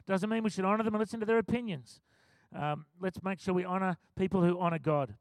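A middle-aged pastor delivers a sermon in an easy, conversational storytelling manner and often breaks into a laugh. His voice sits fairly high for a man. The sound is dry and close, with no room echo. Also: fast.

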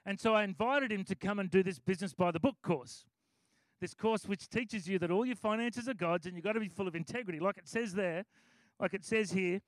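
A man's voice: high-pitched, fairly quick, dry recording. A middle-aged Australian man sharing a testimony in a sermon, enthusiastic and conversational. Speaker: preacher giving testimony.

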